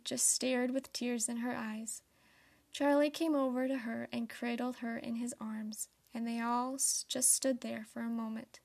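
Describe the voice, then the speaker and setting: A teenage girl reads a story aloud in a soft, steady voice. It sits a little high with noticeable vocal fry. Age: late teens. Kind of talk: storybook narration.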